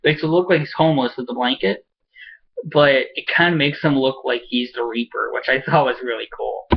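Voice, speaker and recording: A man casually recapping a TV episode at home, excitable and swearing, rambling with lots of fillers. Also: mid-range voice, fairly quick, slightly rough, dull audio. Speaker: show reviewer. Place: home with a pet cat.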